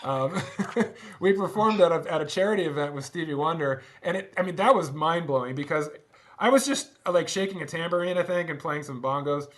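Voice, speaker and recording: A middle-aged man with a slightly high voice tells stories to an interviewer. He talks casually and with energy, laughs easily, and often stops to restart a sentence. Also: brisk. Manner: animated, laughs often, restarts and stumbles while recounting. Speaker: guest, former band drummer. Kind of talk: casual conversational storytelling.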